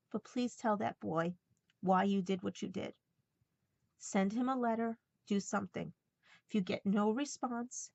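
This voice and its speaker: A woman speaking in a heartfelt personal vlog, earnest and halting at times as she passes on a message. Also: medium pitch, vocal fry, lo-fi sound. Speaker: vlogger.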